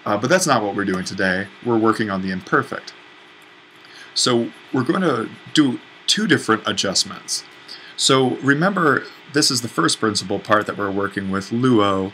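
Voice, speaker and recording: A man's voice: fairly low pitch, lively intonation, normal speed, sharp tone, a little hiss or hum, low-quality recording. A man teaching a language lesson at a whiteboard, explaining patiently and correcting himself as he writes. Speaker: Greek instructor.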